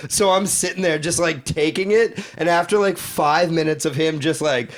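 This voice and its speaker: A man's voice: on the high side, normal speed. Young man rambling through a story. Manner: loose, profane, fond of asides. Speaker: podcast co-host. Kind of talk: casual storytelling among friends.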